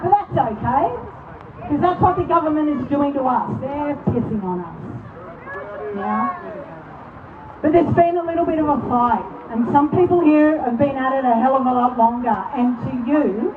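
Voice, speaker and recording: A woman's voice: high-pitched, expressive, moderate pace. An Australian woman giving an impassioned outdoor protest speech in the rain. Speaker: rally speaker. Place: outdoor street rally in rain. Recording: distant tinny phone-like sound, noise.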